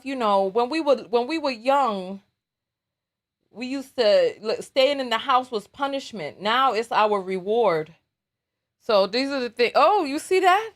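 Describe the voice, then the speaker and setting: A woman's voice: sits high, a bit bright. A woman hosting a casual live stream while doing her makeup, teasing viewers in a playful, dramatic way.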